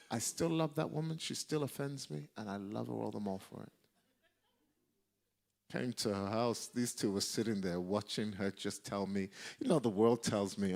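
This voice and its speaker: A man preaching a sermon, telling a personal story in an animated way and breaking into shouted exhortations. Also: on the low side, normal speed, creaky. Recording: live church service.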